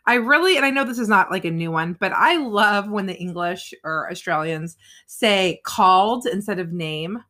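A bright, forward-voiced woman in her thirties co-hosting a relaxed conversation. She talks in loose, meandering sentences full of "like" and restarts, at a middling pitch. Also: moderate pace, few pauses. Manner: chatty, rambling, lots of "like" fillers. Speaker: podcast co-host. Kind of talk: casual chat.

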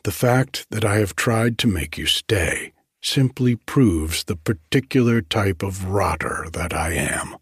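A man gives voice to a broken, self-loathing gentleman who speaks with tender restraint. The voice is very low and breathy, close to a whisper, and it halts between phrases. The audiobook reading sounds close and dry. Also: no room sound. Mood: restrained. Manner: hushed, halting, with careful restraint.

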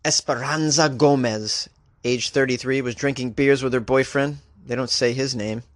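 A man's voice: fairly even intonation, normal speed, no room sound. Male podcast host, comedian, mid-range voice, wry riffing delivery, dry close mic. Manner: wry, joking asides with sudden pitch jumps. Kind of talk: comedic news commentary.

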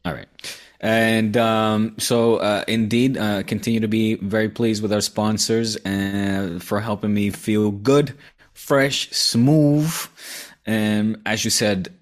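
A man's voice: fairly low pitch, little pitch movement, measured pace, hardly any pauses. A man co-hosting a casual podcast, rambling and playful, with lots of uh fillers. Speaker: podcast co-host.

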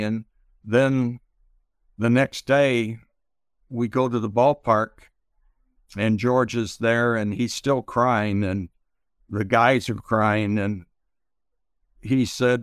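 An older man telling stories as an interview guest, halting with many pauses and fillers. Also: mid-range voice, steady tone, clear, resonant tone, no room sound, clean studio sound. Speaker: interview guest, retired pitcher. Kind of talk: slow reflective storytelling.

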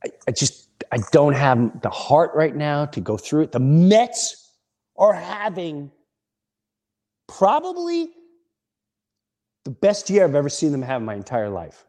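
A middle-aged man hosts a podcast, telling a funny story in a relaxed, lively way and acting out the other characters. His voice sits on the high side and moves at a moderate pace.

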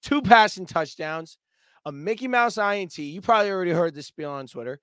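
A man co-hosting a sports podcast in casual chat, animated and boisterous, swearing and acting out plays with sound effects. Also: sits high, fairly quick, clear, resonant tone, no room sound. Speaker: podcast co-host.

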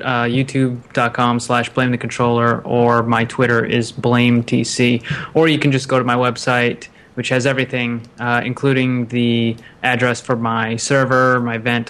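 Flat-voiced guest plugging his channels. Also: medium pitch. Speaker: podcast guest, YouTuber. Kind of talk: casual chat.

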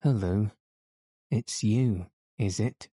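A man voicing a gruff village police constable who talks bluntly, drops his aitches and keeps accusing. It is a character voice in an audiobook reading. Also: lowish voice, slow, warm tone, no room sound, clean studio sound. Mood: indignant.

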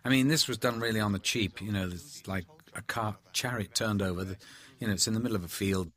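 A man with a husky, low voice talks through a film commentary. He tells candid anecdotes with animated energy. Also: fast. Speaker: actor giving film commentary.

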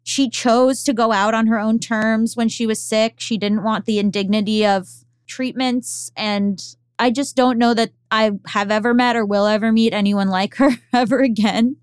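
A woman's voice: a little high, steady tone, normal speed, smooth, no room sound, studio quality. A woman co-hosting a podcast, talking candidly and rambling with lots of fillers. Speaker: podcast co-host. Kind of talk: casual podcast chat.

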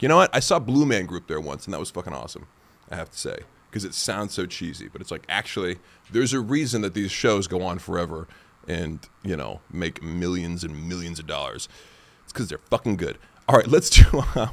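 A man hosting a podcast, talking in a rambling casual way with many fillers. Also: lowish voice. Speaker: podcast host. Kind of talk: casual chat.

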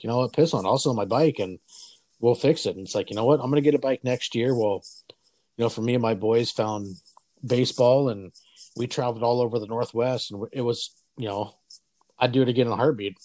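A man's voice: on the low side, darkish tone, no room sound. A man in his forties hosting a casual chat, telling stories in a loose, profane way and acting out the voices of people he quotes. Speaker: podcast host.

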